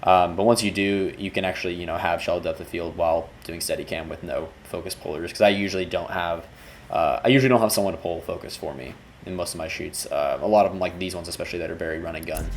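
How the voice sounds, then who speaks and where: Low-voiced man casually explaining his video. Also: fairly even intonation, fast, a little hiss or hum. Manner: loose and rambling, restarts sentences. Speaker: music video director explaining his work. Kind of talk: casual video breakdown commentary.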